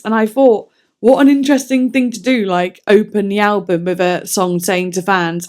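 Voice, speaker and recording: A woman's voice: medium pitch, steady tone, moderate pace, few pauses, darkish tone. A woman talking casually through a song review, chatty and enthusiastic, with self-deprecating asides. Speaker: music reviewer.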